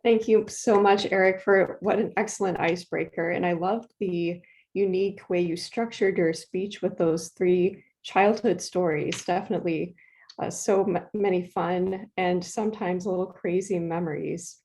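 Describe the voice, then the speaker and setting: A woman's voice: fairly low pitch, fairly even intonation, normal speed, darkish tone, poor audio. A woman hosting a club meeting, thanking and introducing speakers in a friendly, unscripted way. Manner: friendly, a bit flustered, unscripted.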